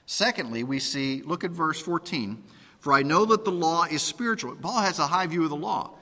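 A man delivers a sermon, reading scripture aloud and teaching from it point by point. His voice sits a little higher than most men's. Long reverb trails after his words as they ring through a hall. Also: expressive, normal speed, bright, forceful tone. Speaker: preacher.

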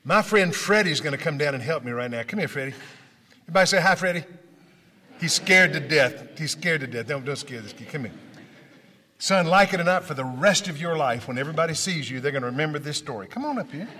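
A man from Memphis, a speaker telling stories to an audience and acting out the dialogue, his voice dropping hushed and rising loud. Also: fairly high pitch, expressive, fast talker, a little hiss or hum. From Memphis, Tennessee. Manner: dramatic, acts out dialogue, swings from loud to hushed. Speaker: motivational speaker. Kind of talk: storytelling speech to an audience. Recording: hall with long reverb.

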